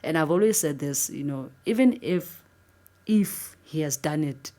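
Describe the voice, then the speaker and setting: Low-pitched South African woman, interviewee, animated earnest storyteller. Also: measured pace. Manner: earnest, animated retelling, voice jumping up for disbelief. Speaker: interviewee, former football captain.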